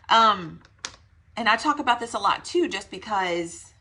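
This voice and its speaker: A woman's voice: medium pitch, lively intonation, normal speed, pushed and bright, breathy edge. A young woman, slightly out of breath, giving her sales team a chatty, rambling pep talk. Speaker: direct sales consultant.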